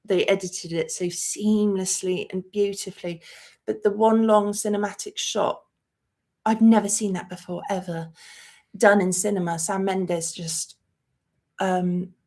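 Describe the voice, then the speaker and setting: A woman's voice: mid-range voice, steady tone, unhurried, dark tone. A woman hosting a movie channel in a live-stream chat, talking emotionally and rambling with many fillers. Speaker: host of a movie review channel.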